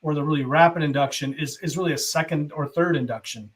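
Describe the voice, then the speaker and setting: A man's voice: on the high side, fast, breathy edge. A man hosting a live online hypnosis show, thinking aloud and reading viewer questions out over a video call. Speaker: host hypnotist. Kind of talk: casual live-stream chat.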